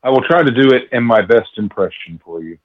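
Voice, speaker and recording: A man hosting a trivia quiz, reading questions slowly and deliberately. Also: medium pitch, animated, narrow, tinny audio. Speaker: quiz host.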